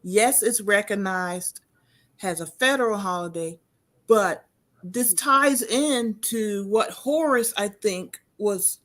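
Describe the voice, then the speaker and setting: A woman hosts a relaxed conversational interview, her voice sitting at an ordinary middle pitch. She talks in a chatty, personal way and often restarts her sentences mid-thought. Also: slow. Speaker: host.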